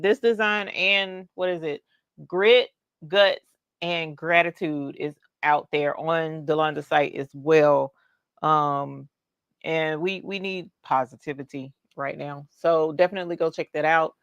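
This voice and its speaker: A woman's voice: lowish voice, a bit bright, no echo, clean studio sound. A woman hosting a casual livestream, reading the chat out and cheering for her viewers. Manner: bubbly, squeals and cheers at viewers.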